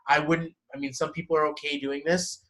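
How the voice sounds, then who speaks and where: Animated man, slightly high voice. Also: brisk, low-quality recording. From Canada. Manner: animated, laughs often, acts out inner voices. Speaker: numerology consultant. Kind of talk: casual one-on-one reading.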